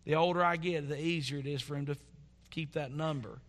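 A man preaching a sermon in a church as pastor, earnest and building to fervent emphasis, then dropping to soft asides. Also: fairly high pitch, steady tone, quick pace.

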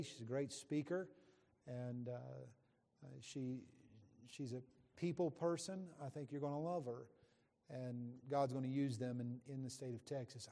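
Middle-aged man, visiting preacher; folksy, joking with the congregation; mid pitch, reverberant sanctuary. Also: warm tone. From West Virginia, USA. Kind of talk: sermon introduction from the pulpit. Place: church sanctuary. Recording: long church hall reverb.

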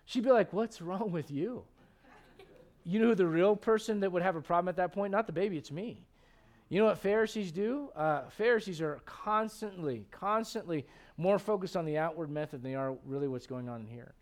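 High-voiced pastor preaching. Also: male voice, brisk. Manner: animated and conversational, with frequent restarts. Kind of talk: sermon.

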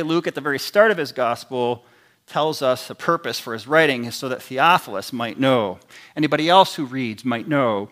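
A man's voice: medium pitch, a bit bright. A man preaching a sermon in an earnest, emphatic way, his intensity rising and falling as he teaches. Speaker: pastor.

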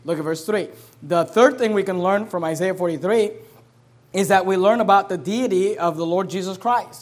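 A man preaching a sermon in an emphatic, conversational way, getting louder when he quotes scripture. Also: fairly high pitch.

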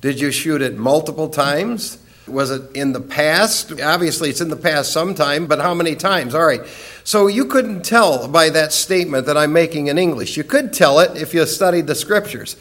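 A man's voice: a little high, normal speed, fairly bright tone. A man teaching a Bible study lesson in an earnest, emphatic way, repeating key words for stress.

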